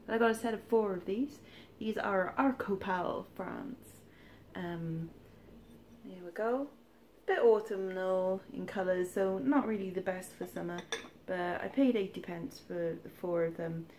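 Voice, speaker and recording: A woman's voice: medium pitch, a little slow, a little mellow, slight background noise. Chatty woman doing a haul vlog. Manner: chatty, rambling, wry asides. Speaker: charity shop reseller vlogger. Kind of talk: casual haul vlog chat.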